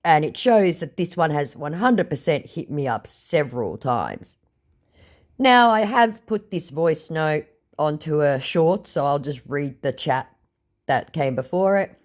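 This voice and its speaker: एक महिला जो व्यंग्य भरे, मज़ाकिया अंदाज़ में स्कैमर से हुई चैट पढ़कर सुनाती है और उस पर टिप्पणी करती है।. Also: female voice, low-pitched, sing-song, a little slow. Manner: sarcastic, mocking. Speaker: scam baiter. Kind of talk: reading out chat messages with commentary.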